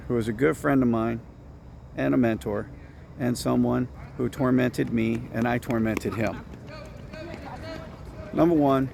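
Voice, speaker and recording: A man, a football coach and teacher, telling lively stories about a late friend and mentor, then speaking earnestly in tribute. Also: vocal fry, a little hiss or hum. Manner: animated storytelling, rising high when excited, earnest when reflecting. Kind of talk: casual storytelling tribute.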